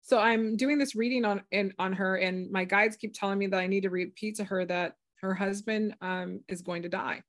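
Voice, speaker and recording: A woman's voice: medium pitch, moderate pace, few pauses, dry recording, clean studio sound. A woman guest, a healer and former psychic, telling a story in conversation and acting out the voices she quotes. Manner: animated, acts out quoted voices.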